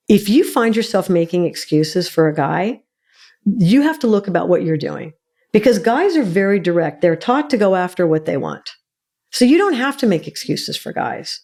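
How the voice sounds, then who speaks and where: A woman's voice: fairly low pitch, darkish tone. A woman therapist, a guest on an interview show, explaining emphatically and like a teacher, often checking in with "all right".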